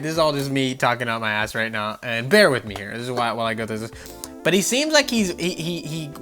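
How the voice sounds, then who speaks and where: A man giving opinionated gaming commentary, animated and swearing as he mocks the people he quotes. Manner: animated, swears, mocking quoted voices with big pitch jumps.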